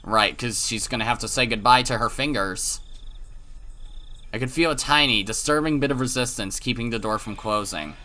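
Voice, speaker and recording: Narrating a visual novel for his let's play, this man speaks at normal speed in a medium-pitched, bright, forward voice full of drama. He occasionally stumbles on a word or cuts away for a crude remark.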